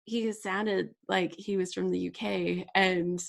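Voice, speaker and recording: A woman's voice: fairly low pitch, fairly even intonation, slow pace, gravelly. A middle-aged woman hosting a live crafting stream, chatting casually and laughing often as she reads out viewer comments. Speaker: livestream host. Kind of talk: casual chat while crafting.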